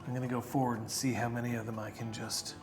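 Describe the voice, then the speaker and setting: A man speaks in character during a tabletop game, his voice sitting at an ordinary middle pitch. He delivers boastful lines with a dry, deadpan manner. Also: fast talker, over music. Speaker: player. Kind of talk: in-character tabletop role-play.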